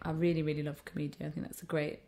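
A woman comedian, chatting casually in an interview and acting out the people in her stories. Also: low voice. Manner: animated storyteller, quick to act out quotes. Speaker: stand-up comedian and character act.

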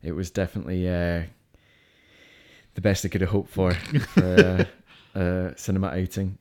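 A man's voice: low-pitched, normal speed, a little mellow. A man co-hosting a casual podcast, eagerly listing films he liked and disliked. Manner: rattles off lists of film titles, enthusiastic, with fillers. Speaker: podcast co-host. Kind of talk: casual film chat.

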